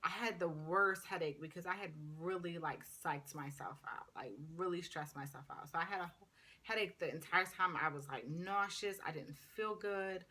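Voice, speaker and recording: A woman's voice: fairly low pitch, moderate pace. A woman in her thirties, a paramedic student, telling a story in a casual, chatty vlog. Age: 30s. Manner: chatty, animated retelling full of "like".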